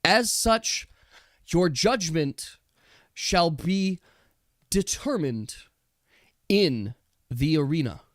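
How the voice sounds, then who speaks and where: Man playing a stern empress, solemn, measured, slow. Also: fairly high pitch, expressive, no echo, clean studio sound. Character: stern tribal empress passing judgment.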